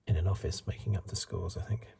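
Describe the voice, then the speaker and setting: A middle-aged man hosting a soft-spoken ASMR card review, rambling in asides and drifting into whispers, recorded close to the mic. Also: low-pitched, fairly even intonation, fast talker, gravelly, background noise. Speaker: ASMR channel host.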